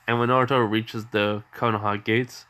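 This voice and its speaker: Man, casual storyteller, rambling, lots of fillers, bright tone. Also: lowish voice, level tone, normal speed. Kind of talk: casual fan-story narration.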